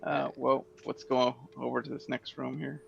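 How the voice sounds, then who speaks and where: A man's voice: mid-range voice, flat delivery, normal speed, gravelly. A man playing a tabletop game, talking hesitantly as he works out his plans. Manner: hesitant, full of restarts. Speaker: player. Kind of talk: casual tabletop game chat. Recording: dull lo-fi mic.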